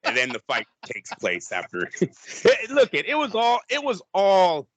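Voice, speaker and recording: A man co-hosting a boxing podcast, chatting casually and laughing through animated, rambling retellings. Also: sits high, measured pace, slightly rough, dry recording. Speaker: podcast co-host.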